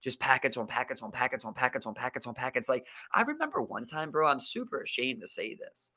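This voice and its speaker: A man's voice: medium pitch, expressive, quick pace, bright, forceful tone. A young man co-hosting a podcast, telling a profane story in casual chat and leaning heavily on "like" and "bro.". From Maryland. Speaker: podcast co-host.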